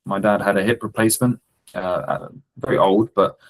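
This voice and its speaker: A man's voice: fairly low pitch, fairly even intonation, moderate pace, rough recording. A man hosting a podcast who asks questions and explains things in a casual, conversational way. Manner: inquisitive and explanatory. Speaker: podcast host.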